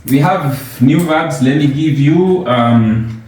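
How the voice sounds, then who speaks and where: A man's voice: fairly high pitch, slow pace, darkish tone, soft background music. A man giving an informal language lesson, patiently asking questions and repeating words for his learner. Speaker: language teacher. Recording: very echoey room.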